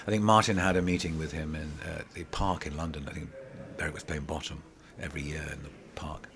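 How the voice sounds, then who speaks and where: A middle-aged man, a pantomime actor, telling animated, rambling stories in an interview, full of restarts. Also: very deep voice, fast talker, a little hiss or hum. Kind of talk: casual interview storytelling.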